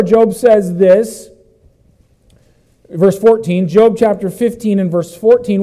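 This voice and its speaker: A man preaching a sermon as pastor, walking through a Bible passage and breaking into loud exclamations. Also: high-pitched.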